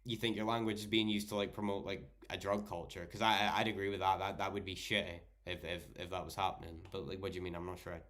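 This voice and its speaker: A man's voice: deep voice, little pitch movement, quick pace, hardly any pauses, a bit bright. A young Scottish man chatting on a livestream while tipsy and tired, rambling and swearing a lot as he jokes through viewer messages. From Scotland. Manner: rambling, heavy swearing, joking. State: intoxicated and tired. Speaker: livestreamer reading chat. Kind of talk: casual livestream chat.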